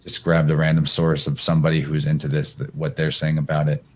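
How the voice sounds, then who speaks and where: Male presenter, low voice, casual talk, reads from slides between asides. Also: completely flat delivery, fast. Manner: rambling, thinks aloud with fillers; reads passages aloud from slides. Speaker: podcast guest presenter.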